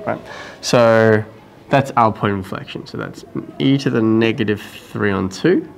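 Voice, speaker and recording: A man's voice: on the low side, gravelly, slight background noise. A man teaching a maths lesson in a casual talk-through, thinking aloud and often checking with "right?". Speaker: math teacher.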